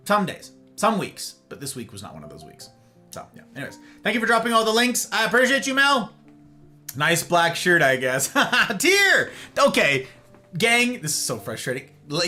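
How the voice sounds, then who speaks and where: A man streaming live, chatting casually and rambling straight to his viewers. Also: fairly high pitch. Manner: animated, rambling, talks straight to chat.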